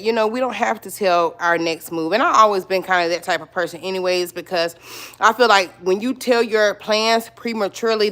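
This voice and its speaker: A woman's voice: mid-range voice, a bit bright, clean tone. A middle-aged woman chatting casually on a livestream as a lifestyle vlogger. She repeats herself often and keeps calling out to viewers with y'all and you guys. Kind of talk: casual live-stream chat.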